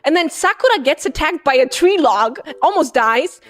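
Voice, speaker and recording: A woman streamer rambling through a comedic plot recap, excitable and bursting into shouts. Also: high-pitched, normal speed.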